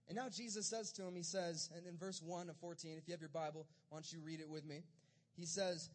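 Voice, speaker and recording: A man's voice: fairly high pitch, fast. A man preaching a casual, conversational sermon, retelling scripture and acting out the disciples' lines in everyday speech. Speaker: pastor.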